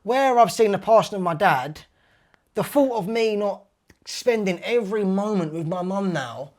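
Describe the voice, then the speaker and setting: Interview guest: high-pitched East London man in his thirties, loose and rambling, peppers his speech with mate and man. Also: lively intonation, moderate pace. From East London, England. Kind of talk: casual conversational interview.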